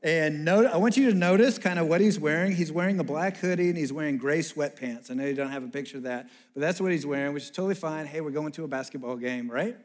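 A man delivers a sermon story in a slightly high voice. He tells it in an animated way and slips into the voices of the people in the story. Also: fast talker, few pauses.

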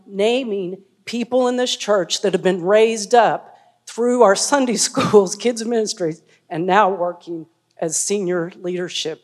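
A woman's voice: mid-range voice, a little mellow. Woman giving earnest church thanks. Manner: earnest, grateful. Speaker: congregation member giving thanks. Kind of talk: church testimony.

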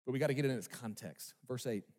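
A man's voice: medium pitch, very fast, darkish tone. A male pastor preaching a sermon with emphasis, asking his congregation rhetorical questions. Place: church sanctuary. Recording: long reverb of a large hall.

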